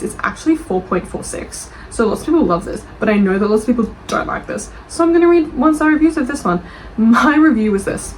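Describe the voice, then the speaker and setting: A woman's voice: mid-range voice, a little mellow, a little hiss or hum, rough recording. A woman with an Australian accent, a book reviewer and author chatting casually as she reads reviews aloud, reacting defensively and swearing freely.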